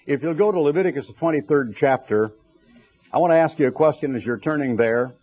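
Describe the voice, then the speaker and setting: A man's voice: on the high side, brisk, a little mellow. A middle-aged man preaching a sermon, telling stories with conversational asides to the congregation.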